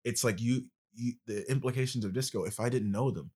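A man's voice: medium pitch, fairly quick, warm tone, breathy edge. A male podcast host in casual conversation, explaining at length with passion.

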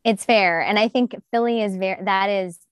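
A woman's voice: mid-range voice, moderate pace, smooth, no echo. Upbeat woman on a dry mic. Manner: enthusiastic, laughs often. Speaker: guest. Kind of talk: casual chat.

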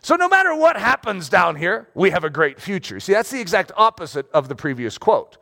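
A man preaching a sermon as pastor, conversational and animated, often checking in with his listeners. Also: high-pitched, fairly quick.

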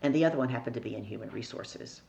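A woman's voice: extremely low pitch, very fast, gravelly, darkish tone, highs cut off, a little hiss or hum. A middle-aged woman, a podcast guest, telling a story in conversation and acting out the people she quotes.

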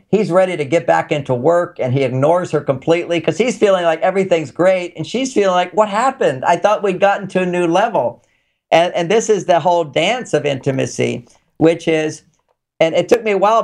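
A man's voice: fairly high pitch, vocal fry, a little mellow. A man being interviewed as a relationship author, talking casually and explaining his ideas through anecdotes.

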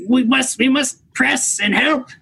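A man voicing a group of small, anxious kobolds who chatter urgently in a high voice. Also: measured pace, creaky, pushed and bright, breathy edge, faint music behind, full character voice.

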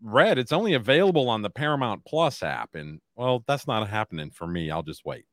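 A man with a lowish voice in casual podcast banter, laid back and unhurried as he tells stories and reads out headlines. He's on a close, dry mic. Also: no room sound. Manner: relaxed storyteller, reads news items aloud. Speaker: podcast co-host.

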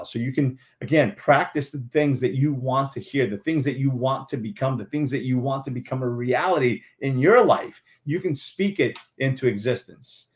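A man's voice: mid-range voice, normal speed, few pauses. A man speaking as a guest on a talk show, giving earnest, emphatic motivational advice and repeating affirmations.

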